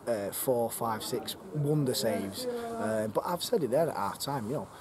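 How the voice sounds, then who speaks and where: A man's voice: mid-range voice, very animated, a little slow, creaky, a little mellow. A man, a football club manager giving a frank, rambling post-match interview outdoors on a freezing night, swearing casually. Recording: noisy outdoor ambience.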